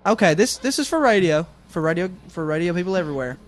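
A man's voice: high voice, lively intonation, fast. A man co-hosting a casual comedic radio show, rambling through self-deprecating stories.

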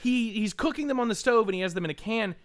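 A man co-hosting a podcast, chatting casually about a movie, animated and laughing often. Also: high voice, quick pace, crowd noise. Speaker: podcast co-host. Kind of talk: casual movie review chat.

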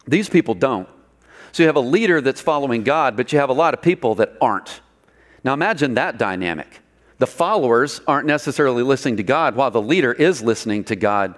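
A man preaching a sermon in a conversational way, asking the listeners questions and acting out the quotes. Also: mid-range voice. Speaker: pastor.

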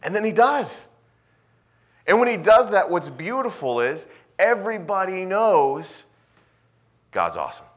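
A male pastor preaching a sermon, swinging between loud emphasis and quiet asides. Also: high voice, sing-song, unhurried, pauses often.

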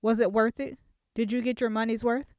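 A woman's voice: on the high side, little pitch movement, brisk, darkish tone, no room sound, clean studio sound, close to an everyday voice. A woman voicing a hurt, bitter young wife confronting her husband, in an audiobook.

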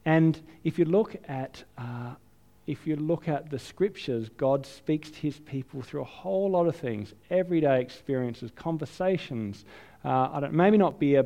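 Chatty Australian preacher, fairly high voice. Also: male voice. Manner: lively, chatty storytelling, self-deprecating. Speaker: pastor. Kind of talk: sermon with personal anecdote.

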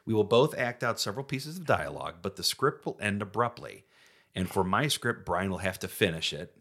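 Deep-voiced joking male podcast co-host. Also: lively intonation, fairly quick, fairly bright tone. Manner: joking, self-deprecating. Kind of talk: casual podcast chat.

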